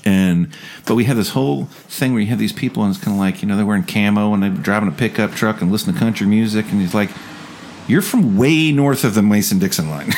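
A man's voice: fairly low pitch, steady tone, quick pace, a little mellow, a little hiss or hum. A man from South Jersey chatting casually as a podcast co-host, rambling and laughing as he restarts his thoughts. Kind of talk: casual chat.

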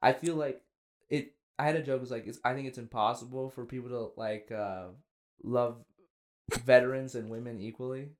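A young man hosting a loose comedy podcast, stumbling over his words and circling back to his point. His voice sits at an ordinary middle pitch. He talks casually, trailing off into asides. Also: steady tone. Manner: rambling, halting restarts, trailing "you know what I'm saying". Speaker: podcast host.

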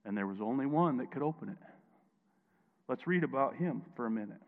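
Fiery pastor in an echoing hall. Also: male voice, medium pitch, animated, a little fast. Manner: emphatic, swings from quiet to loud, prompts listeners to answer. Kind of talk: sermon. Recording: tinny phone-like sound, long hall echo.

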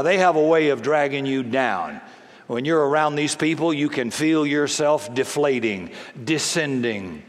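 A male pastor delivering a sermon, telling stories with humor and emphasis. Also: mid-range voice. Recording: long reverb of a large hall.

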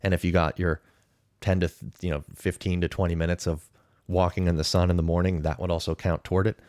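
Man in his thirties, very deep voice, dry studio sound, chatty and opinionated. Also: little pitch movement, fast, a little mellow, dry recording. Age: 30s. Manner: conversational and opinionated, weighing pros and cons. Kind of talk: casual podcast commentary. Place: podcast studio.

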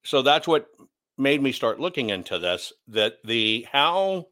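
A man's voice: mid-range voice, very animated, measured pace, pushed and bright. A man hosting an opinionated commentary show, blunt and sarcastic as he rants. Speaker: commentary host.

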